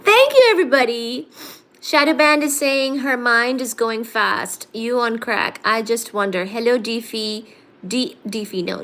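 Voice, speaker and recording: A woman with a slightly raised voice chats on a casual live stream, slowly and playfully reading out her viewers' comments and answering each one. She has a bit of a cold. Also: on the high side, a bit bright. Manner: playful, reads chat comments aloud and answers them. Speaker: livestream host reading viewer chat.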